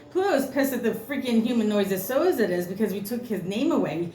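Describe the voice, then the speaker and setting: A woman's voice: fairly high pitch, expressive, quick pace, warm tone, soft background music. A woman giving an unscripted tarot reading, ranting bluntly and cursing freely. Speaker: tarot reader. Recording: roomy echo, faint noise.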